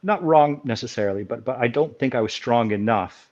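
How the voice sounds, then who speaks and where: A man's voice: medium pitch, lively intonation, brisk, darkish tone, lo-fi sound. A man answering interview questions as an academic guest, explaining at length and correcting himself as he goes.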